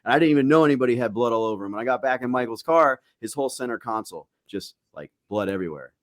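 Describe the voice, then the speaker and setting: A man's voice: medium pitch, racing, no room sound, studio quality. A young man on a podcast, telling a profane anecdote in casual chat and acting out what other people said. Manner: profane, animated anecdote-telling with acted-out quotes. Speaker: podcast co-host.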